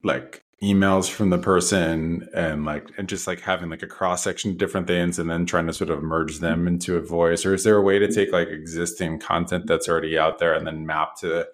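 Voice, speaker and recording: A male host with a low voice works his way through long, searching questions. He circles and rephrases as he goes, keeping the tone casual. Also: fairly even intonation, brisk, hardly any pauses. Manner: rambling, searching questions with many hedges. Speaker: podcast host. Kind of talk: casual podcast interview.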